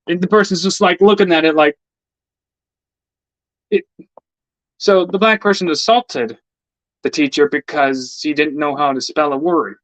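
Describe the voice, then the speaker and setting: A man's voice: a little high, fairly even intonation, a little slow, pauses often, fairly bright tone, dry recording. A man in a casual, heated rant, swearing often and stammering over repeated words. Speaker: vlogger. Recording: dull lo-fi dry recording.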